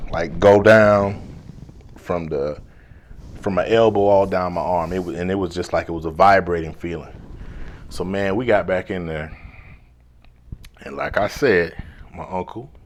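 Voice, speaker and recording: A man, a life coach, telling a personal story in a laid-back, slangy way, now and then dropping to a hushed whisper. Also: sits low, slight background noise. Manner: drops to a hushed whisper when replaying his inner thoughts.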